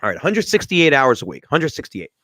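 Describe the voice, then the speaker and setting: A man's voice: medium pitch, huge pitch swings, fairly quick, a bit bright, dry recording. A man hosting a motivational podcast stream, talking to viewers in an emphatic, lecturing way and repeating his points. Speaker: podcast host. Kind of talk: motivational livestream talk.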